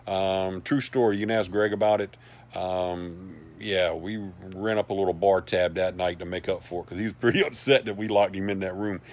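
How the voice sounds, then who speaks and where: A man's voice: sits low, steady tone, normal speed. A man hosting a livestream, rambling through a story in a folksy way and reading out viewer comments. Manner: rambling and folksy, with many asides. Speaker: livestream host for a paranormal society.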